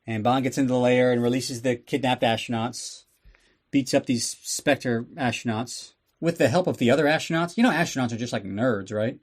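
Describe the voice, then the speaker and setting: Speaking at a moderate pace in a medium-pitched voice, a man recaps a movie on his podcast. The comedic rundown is casual, full of sarcasm, swearing and riffs on what happens in the plot.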